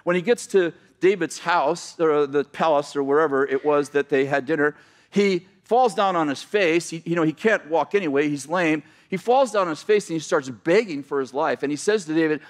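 A man's voice: fairly high pitch, brisk. A man preaching a sermon as a pastor, retelling a story conversationally with asides and self-corrections.

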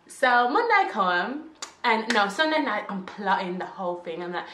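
A young woman, telling a storytime vlog tale in animated, slangy talk with laughs. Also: medium pitch, normal speed, slight background noise. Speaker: vlogger. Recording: roomy echo.

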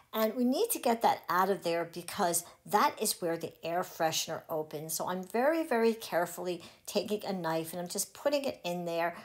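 Cheerful woman teaching a craft. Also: fairly low pitch. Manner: cheerful step-by-step instructing. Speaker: crafting channel host. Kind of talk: craft tutorial voice-over.

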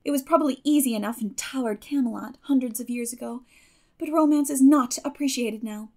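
A woman's voice: high-pitched, brisk, a little mellow. A woman voicing a proud, spirited and talkative young girl, speaking in an earnest, declaiming way in an audiobook. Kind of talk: audiobook character voice.

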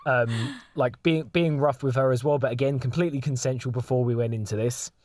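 A man's voice: mid-range voice, fairly quick, darkish tone. A man recounting a personal story, full of fillers and restarts. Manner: rambling, filler-heavy storytelling. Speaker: story contributor.

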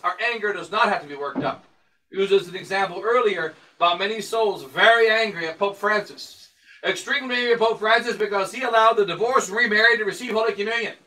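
A priest giving an emphatic sermon, driving points home with rhetorical questions and repetition. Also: male voice, high voice, pushed and bright. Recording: voice picked up from a distance.

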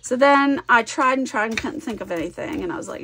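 A woman's voice: on the high side, animated, fast, a bit bright, slightly rough. A middle-aged woman chatting casually while scrapbooking, rambling through a story and acting out both sides of a conversation. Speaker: scrapbooking vlogger. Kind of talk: casual chatty crafting vlog.

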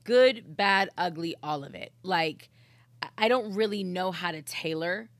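A woman's voice: fairly low pitch, measured pace, no room sound. A woman who co-hosts a podcast and a morning radio show, talking in an intense, blunt, profane way in a casual chat. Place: studio.

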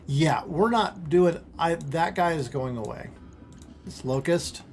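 Guy streaming a mech game from home, kinda high voice, rambles and cuts himself off, light hiss behind. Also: takes it slowly. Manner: rambling, self-interrupting, easily excited. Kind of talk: casual game commentary.

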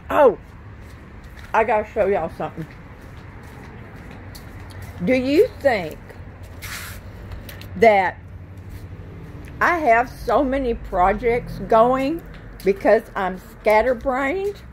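A woman's voice: a little high, very animated, takes it slowly, pauses often, darkish tone, slight background noise. A woman chatting to viewers while she gardens outdoors, scattered and friendly, talking to her plants. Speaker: gardening vlogger. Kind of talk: casual chat to camera while gardening.

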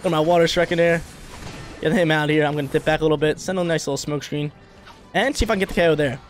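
A man's voice: fairly high pitch, steady tone, faint music behind. Hyped young man calling gameplay. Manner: hyped, slangy, quick reactions. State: briefly coughing. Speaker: gaming YouTuber. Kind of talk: live gameplay commentary.

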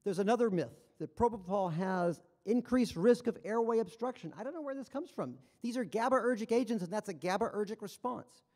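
A man delivers a conference lecture, his voice sitting high. He sounds enthusiastic and conversational and drops wry asides. A long reverb trails off his words in the large hall. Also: brisk, hardly any pauses, darkish tone.

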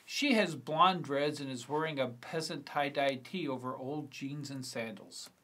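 A man's voice: medium pitch, measured pace, bright, forceful tone. Middle-aged male writer, casual read-through of his script. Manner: casual reading with fillers and self-corrections. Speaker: screenwriter reading his script.

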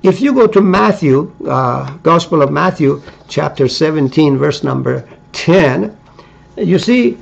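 A man giving a religious lecture, reading verses aloud in a halting, deliberate way with many pauses and fillers. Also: on the high side, expressive, creaky, husky. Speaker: preacher. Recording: dull lo-fi recording.

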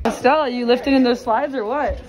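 A woman's voice: high-pitched, fairly quick, rough recording. A young woman hosting a casual vlog, chatting playfully with her teammates and laughing often. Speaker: vlog host. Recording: busy crowd noise behind.

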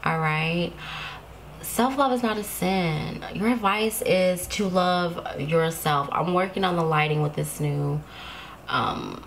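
A woman's voice: lowish voice, slow, vocal fry, slight background noise. A woman giving a casual tarot reading to her viewers, chatty and reassuring, often laughing to herself. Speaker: tarot card reader.

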